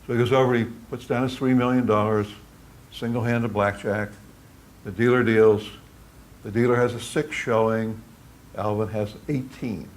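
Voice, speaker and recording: A man telling a long joke at a college talk, a lively storyteller who acts out the characters. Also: fairly low pitch, moderate pace, slight background noise. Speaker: speaker at a philosophy humor talk. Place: lecture at a college.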